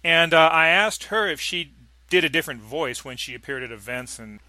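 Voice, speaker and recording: A man hosting a casual interview, asking questions in a relaxed, halting way. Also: on the high side, dry recording. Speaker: interview host.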